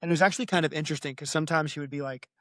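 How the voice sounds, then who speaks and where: A chatty co-host on a book podcast, trading jokes and comparing a story with its film version. The voice sits at a middle pitch and comes across close and dry, with no room sound. They drop into silly voices while telling anecdotes. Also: racing, a bit bright, no room sound. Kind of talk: casual chat.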